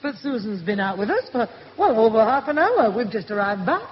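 An actress playing a patient middle-aged mother who reasons calmly with her family. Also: fairly high pitch, a little fast, husky. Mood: soothing. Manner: soothing, reasoning. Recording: muffled old radio recording.

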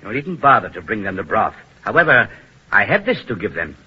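A man's voice: fairly low pitch, big pitch swings, brisk, breathy edge, exaggerated voice. An actor playing a cold, cruel male experimenter who sneers and gives orders, in 1940s radio acting. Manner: sneering and commanding. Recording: muffled old radio broadcast.

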